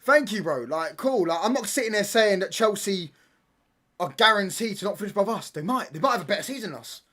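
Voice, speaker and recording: A man's voice: high-pitched, animated, quick pace, pushed and bright. A young man hosting a live football watchalong, rambling and arguing back at his chat in casual slang. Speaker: livestream watchalong host.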